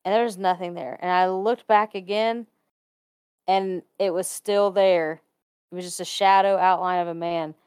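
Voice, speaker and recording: A woman's voice: fairly low pitch, steady tone, a little slow, a little mellow, clear, resonant tone, no echo, clean studio sound. A woman casually telling a personal ghost story, chatty and laughing often between sentences.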